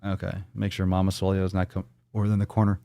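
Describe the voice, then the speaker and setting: A man's voice: low-pitched, completely flat delivery, fast talker, creaky, mellow. A man hosting a live fitness stream, chatting casually and bluntly with lots of swearing while he reads out viewer posts. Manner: blunt, profane, playful, jumps into silly voices. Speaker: fitness show host.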